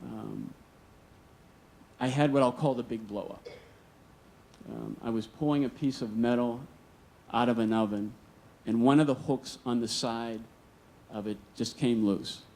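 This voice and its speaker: A man's voice: medium pitch, a little slow, gravelly, dark tone. Earnest male storyteller on stage. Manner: earnest, vivid retelling with acted dialogue. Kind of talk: live personal storytelling. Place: stage at a museum storytelling event.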